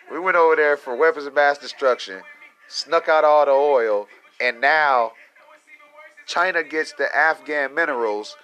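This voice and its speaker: A man's voice: on the high side, bright, forceful tone. A young adult man, ranting casually to his viewers with lots of swearing and laughter. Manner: profane, rambling, laughs often. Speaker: vlogger.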